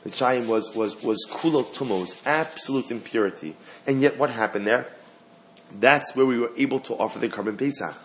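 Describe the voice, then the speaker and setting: A man's voice: mid-range voice, brisk, a bit bright. A man teaching a Torah class in an earnest way, asking questions and answering them himself, repeating key phrases, with some faint noise behind him.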